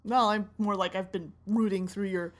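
A woman's voice: medium pitch, steady tone, normal speed. A woman co-hosting in character with sarcastic, complaining comedic banter. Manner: wears glasses. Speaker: co-host.

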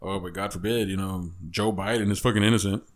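A man's voice: on the low side, fairly even intonation, fast talker. Profane, blunt man. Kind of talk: casual chat.

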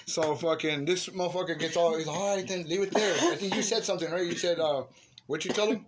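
Profane, animated man telling a story. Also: a little high, fast. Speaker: storyteller among friends. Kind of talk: casual chat. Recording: noisy room recording.

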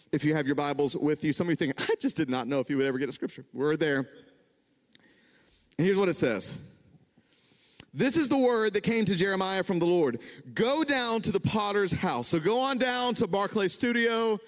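A man preaching a sermon, conversational and animated, building to emphatic peaks. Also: fairly high pitch, brisk. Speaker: pastor. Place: church hall. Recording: reverberant church hall.

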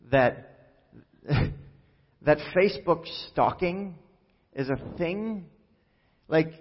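A man preaching a sermon as pastor, conversational and joking, with many fillers. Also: on the high side. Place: church hall. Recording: echoey hall, dull sound.

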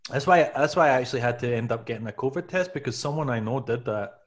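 A man's voice: medium pitch, fast talker. Rambling man in casual chat. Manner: rambling, filler-heavy, restarts often.

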